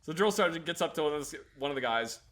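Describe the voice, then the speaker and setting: A young man tells stories in casual chat with a bright, fairly high voice. He laughs often and jumps into shouted impressions, his pitch swinging widely. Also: lively intonation, fast. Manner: laughs often, mimics drill sergeants in bursts. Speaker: podcast co-host.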